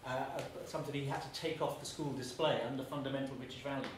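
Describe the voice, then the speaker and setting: A man's voice: mid-range voice, steady tone, quick pace. A man who used to teach, speaking earnestly on a live panel and often restarting his sentences. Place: museum event space. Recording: echoey room, far mic, audible noise.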